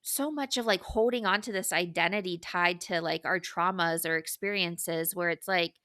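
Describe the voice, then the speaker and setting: A woman's voice: lowish voice, moderate pace, a bit bright, dry recording, clean studio sound. A young woman co-hosting a podcast, musing reflectively in casual chat with many fillers. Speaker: podcast co-host.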